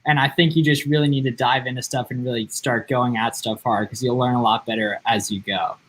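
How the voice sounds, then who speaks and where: A man co-hosting a laid-back livestream, speaking at a middle pitch and in an everyday tone. He rambles through his answers, packing them with "like" and "um" as he thinks aloud. The talk is loose and conversational, recorded on a desk mic. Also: steady tone, brisk, fairly bright tone, poor audio. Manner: rambling, heavy use of "like" and "um" fillers. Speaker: livestream co-host answering viewer questions. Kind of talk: casual livestream chat.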